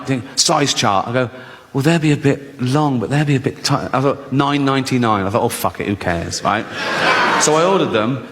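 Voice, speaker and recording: A man's voice: mid-range voice, slight background noise. A man doing a stand-up set, telling crude, mock-indignant stories. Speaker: stand-up comedian. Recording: echoey hall with loud audience.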